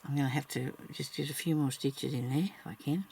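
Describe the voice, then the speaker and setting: A woman's voice: a bass voice, fairly even intonation, a little fast, vocal fry, dark tone, slight background noise. A woman talking along casually as she works on embroidery, muttering to herself and chatting to her viewers. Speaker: crafter narrating her embroidery work. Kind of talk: casual talk-along crafting vlog.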